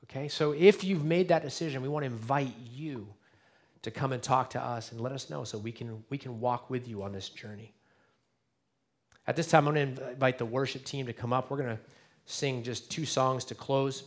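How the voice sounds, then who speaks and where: Earnest preacher man, hushed to emphatic. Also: medium pitch, moderate pace. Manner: earnest, dynamic swings between hushed and emphatic. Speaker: pastor. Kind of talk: Easter sermon. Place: church sanctuary.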